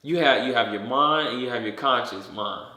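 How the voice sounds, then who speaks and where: Bright, rambling podcast man. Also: mid-range voice, moderate pace. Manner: rambling, animated storytelling, acts out voices. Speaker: podcast co-host. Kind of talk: casual chat. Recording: echoey room.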